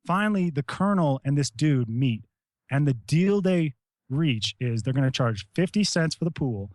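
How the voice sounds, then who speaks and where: A middle-aged American man, a retired Army Ranger, telling stories in casual talk, animated and profane, shouting out the lines he quotes. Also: a little high, normal speed, no room sound, studio quality. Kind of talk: casual storytelling.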